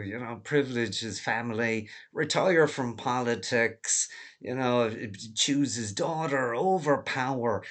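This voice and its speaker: A man's voice: medium pitch, fairly bright tone. A man delivering a rambling, profane monologue, laughing often as he digresses. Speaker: vlogger.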